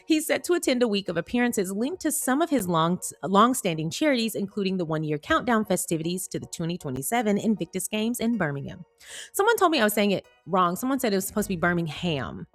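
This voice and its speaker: A woman's voice: mid-range voice, big pitch swings, quick pace, soft background music. A woman reading a celebrity news article aloud and breaking off into playful, chatty tangents.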